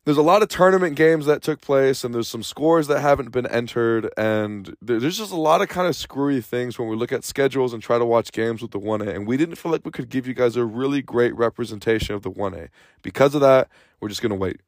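A man's voice: medium pitch, brisk, dry recording, studio quality. Chatty male sports podcast host. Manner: chatty, energetic, rambling with restarts. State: out of breath. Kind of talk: casual sports podcast talk.

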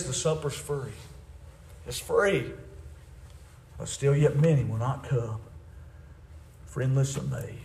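Man preaching with fire. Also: reverberant. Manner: swings from shouted high preaching to hushed tender pleading. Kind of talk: sermon.

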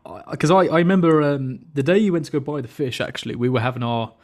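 A man's voice: on the high side, expressive, quick pace, a little mellow. A young British man hosting a podcast, telling stories in casual banter and teasing his guest with a chuckle. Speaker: podcast host.

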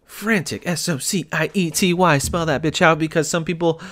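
A man's voice: a little high, normal speed. Brief: young male podcast host, ranting and fired up, swears freely. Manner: excitable, ranting, swears a lot; laughs between lines. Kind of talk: solo podcast rant.

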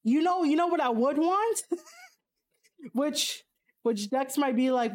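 A woman's voice: lively intonation, drawn-out words, long pauses. Blunt, profane woman ranting casually. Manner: blunt and profane, frequent fillers; laughs and jumps to high exclamations. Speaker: streamer reading chat. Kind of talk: casual opinionated chat.

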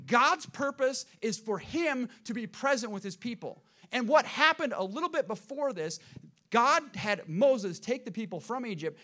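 High-voiced preacher with dramatic swings. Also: male voice. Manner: dynamic preaching, swings between loud emphasis and hushed lows. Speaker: pastor. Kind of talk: sermon.

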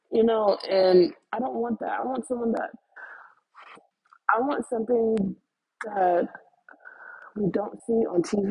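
A young woman in her twenties talking casually to her viewers in a loose, animated ramble, swearing freely and calling them y'all, a little stuffy with the sniffles. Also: medium pitch, creaky, slightly rough, poor audio. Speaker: vlogger.

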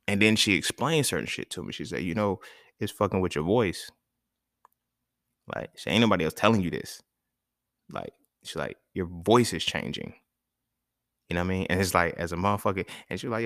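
Young male podcast host, deep gravelly voice, dry close sound, loose profane storytelling. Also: lively intonation, a little fast, a bit bright, no room sound. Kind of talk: casual monologue.

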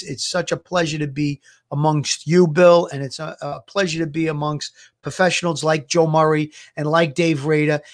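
Earnest, higher-voiced retired cop co-host. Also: male voice, a bit bright. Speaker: retired police officer co-hosting a live show. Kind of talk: casual livestream commentary.

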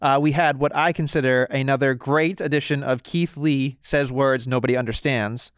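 A man's voice: medium pitch, steady tone, moderate pace, clear, resonant tone, no echo, clean studio sound. A man co-hosting a wrestling podcast, ranting with exasperation and swearing in casual chat. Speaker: podcast co-host.

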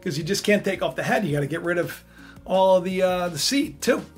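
A woman preaching, telling a Bible story in a lively, conversational way and acting out the characters. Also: lowish voice, a little fast, soft background music. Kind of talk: animated sermon storytelling.

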